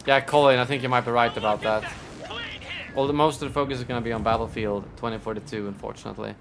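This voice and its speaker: A man's voice: medium pitch, fairly even intonation, quick pace. Grumbling male gaming streamer, noisy feed. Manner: thinks aloud, grumbles at the game, thanks donors. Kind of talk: casual live-stream commentary while playing. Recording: clear background noise.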